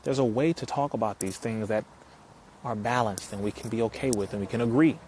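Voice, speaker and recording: A man's voice: fairly low pitch, a little fast, a little mellow, a little hiss or hum. A man talking to viewers on a live stream, reading their comments and answering them, preachy and emphatic, repeating his points. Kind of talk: casual live stream talk.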